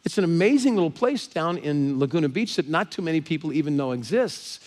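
An American pastor tells a personal story to his congregation, his voice sitting a touch higher than most men's. He is animated and expressive, and he gets more excited and pushes his voice up as the story builds. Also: brisk. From Southern California. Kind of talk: sermon storytelling.

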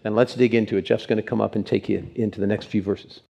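A man's voice: lowish voice, fairly even intonation, fast talker, gravelly, dark tone, slightly rough, muffled recording. A male pastor preaching a sermon with emphasis, stacking up words for effect. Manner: emphatic, builds lists of words.

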